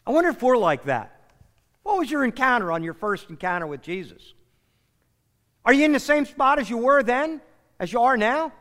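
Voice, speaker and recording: A man preaches a sermon with a high voice and a lively, sweeping delivery. He acts out the lines he quotes as he goes. The sound carries a long hall reverb. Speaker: pastor.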